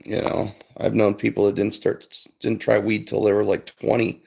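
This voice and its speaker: Male streamer, forties, Cleveland area: loose storyteller with a gravelly, fry-heavy voice and a casual, profane delivery. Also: lowish voice, completely flat delivery, moderate pace, darkish tone. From Cleveland area, Ohio, USA. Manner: rambling storytelling, swears freely, says "I'm like" often. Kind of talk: casual chat to viewers.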